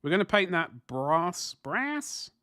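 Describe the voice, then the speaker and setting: This is a man in his forties livestreaming while he paints miniatures, rambling and poking fun at himself as he answers chat. His mid-range voice has lively intonation, a moderate pace and a slightly bright quality, captured in a dry, studio-quality recording.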